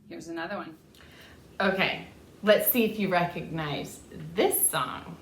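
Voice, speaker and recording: A woman's voice: lowish voice, measured pace, roomy sound, slight background noise. A woman music teacher singing rhythm syllables and explaining them to children in a lesson. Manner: sings rhythm syllables, speaks in a warm coaxing teacher voice to children. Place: classroom with a board.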